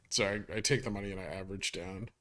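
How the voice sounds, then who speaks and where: A man from New York runs a casual stock market livestream, reading viewers' questions aloud and answering them offhand. His voice sits fairly low, and he swears freely in his relaxed chat.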